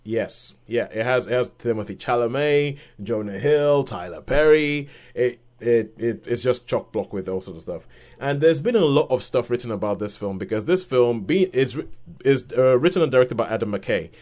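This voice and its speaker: A man's voice: medium pitch, moderate pace. Chatty man reviewing films on a podcast. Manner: animated retelling with acted-out quotes and laughs. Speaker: podcast co-host, film reviewer. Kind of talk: casual film review chat.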